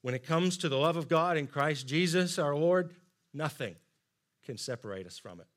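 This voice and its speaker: A man's voice: fairly high pitch, expressive, moderate pace. Earnest, emphatic male preacher. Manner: earnest, emphatic, drops to soft asides. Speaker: pastor. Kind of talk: sermon.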